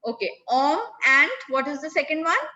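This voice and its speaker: Woman teacher on a video call, high bright voice, slow and patient, kinda dull audio. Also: animated. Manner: calls on students by name, repeats answers. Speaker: French teacher. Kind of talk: online class teaching.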